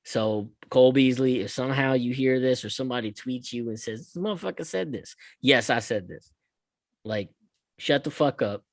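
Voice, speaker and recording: A man hosting a podcast, ranting in casual, profane chat that swings between loud bursts and quiet asides. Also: medium pitch, steady tone, normal speed, no room sound. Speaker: podcast host.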